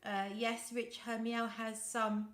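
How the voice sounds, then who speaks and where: British woman, live-stream host, chatty and warm with viewers, fairly high voice, echoey home room. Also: completely flat delivery, slow. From United Kingdom. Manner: chatty, reads out viewer comments and greets them by name; coos softly when talking to her cat. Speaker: fragrance livestream host. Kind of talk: casual live-stream chat.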